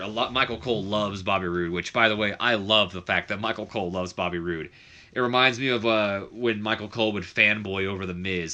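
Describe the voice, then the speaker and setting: A young man gives casual game commentary in a fairly low, bright and forceful voice. He rambles in a friendly way, drops plenty of fillers and corrects himself mid-sentence. Now and then he slips into quick mock voices of the people he talks about. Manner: chatty, frequent fillers and self-corrections.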